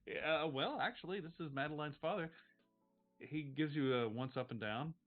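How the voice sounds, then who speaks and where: A man's voice: on the high side, moderate pace, soft background music. A man narrating a tabletop role-playing game as game master, in a casual way full of fillers. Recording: tinny phone-like stream audio.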